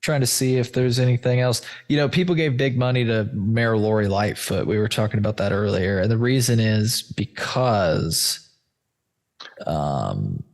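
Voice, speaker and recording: A man hosting a podcast in casual chat, loose, rambling and profane, addressing listeners as folks while walking through a shared screen. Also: mid-range voice. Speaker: podcast host.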